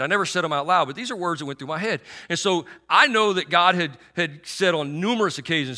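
A man's voice: fairly high pitch, fast talker, few pauses, bright, forceful tone. A middle-aged man preaching a sermon in a conversational, sarcastic way, with many restarts and fillers.

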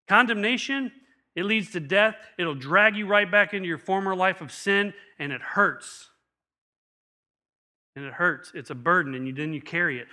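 A middle-aged man, a pastor, preaching a sermon with animated storytelling and acted-out quotes. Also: a little high.

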